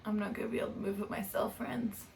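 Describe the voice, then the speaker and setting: A woman's voice: mid-range voice, level tone, fast, gravelly, darkish tone, slight background noise. Chatty young Australian woman. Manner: chatty, rambling, self-correcting, laughs often. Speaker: knitting podcast host. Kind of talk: casual chat to camera.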